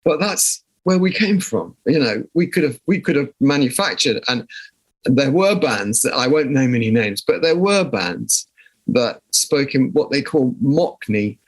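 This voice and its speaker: A man's voice: mid-range voice, lively intonation, measured pace. An older man from southern England with a southern English accent, a guest musician telling stories in an interview in a reflective way, often restarting his sentences. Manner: reflective, storytelling with frequent restarts. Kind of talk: conversational interview.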